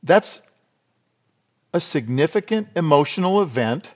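A man's voice: on the high side, expressive, unhurried. Folksy middle-aged man telling stories. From South Dakota. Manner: rambling, folksy, restarts and repeats words. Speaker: podcast guest. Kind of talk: casual storytelling interview.

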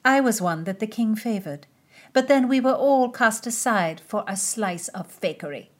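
A woman's voice: fairly high pitch, animated, moderate pace, voice pushed up, close to an everyday voice. A woman voicing a worldly, teasing lady-in-waiting who speaks boldly. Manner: teasing, bold.

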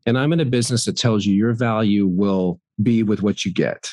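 A middle-aged man speaking candidly as a guest in a podcast conversation, animated and laughing often, acting out the voices he quotes. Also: fairly low pitch, brisk, no room sound.

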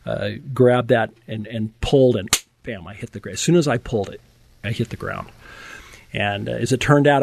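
An older man telling his testimony as an interview guest, in an animated, conversational way, often chuckling and restarting words. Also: on the low side, gravelly, slightly rough. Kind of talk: conversational storytelling.

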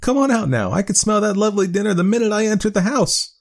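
A man's voice: high-pitched, quick pace, gravelly, voice pushed up. A man voicing a flustered young working woman in a storybook, calling out in exasperation.

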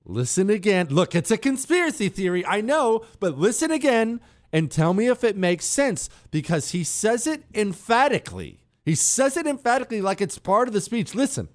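A man hosting a talk radio show, riffing casually in an animated, sarcastic and self-mocking way. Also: sits high, normal speed.

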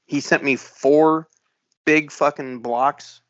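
A man's voice: a little high, fairly even intonation, takes it slowly, a bit bright, muffled recording. A man co-hosting a podcast in casual chat, telling stories with enthusiasm and frequent swearing. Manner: profane, enthusiastic storytelling. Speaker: podcast co-host.

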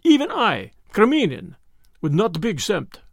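A man's voice: high voice, huge pitch swings, a little slow, creaky, no room sound, studio quality, pitched above the performer's own voice, heavily acted. A man voicing a frightened, sullen conspirator in an audiobook, pleading and evasive. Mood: fearful. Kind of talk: audiobook character voice.

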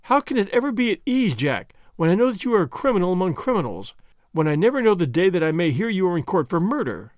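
A man's voice: high voice, very animated, fast, no echo, clean studio sound. A man voicing an anxious, pleading nineteen-year-old woman in an audiobook reading, speaking emotionally and imploringly.

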